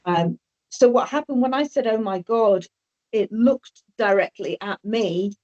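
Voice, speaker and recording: A woman's voice: medium pitch, unhurried, darkish tone. A woman telling a personal story as an interview guest, hesitant and often repeating or restarting her words. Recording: dull lo-fi audio.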